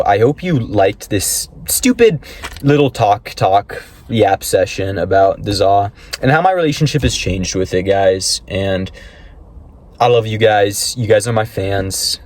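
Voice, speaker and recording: A young man rambling in a casual vlog, swearing often and telling stories animatedly. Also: mid-range voice. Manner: profane, rambling, animated storytelling. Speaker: vlogger.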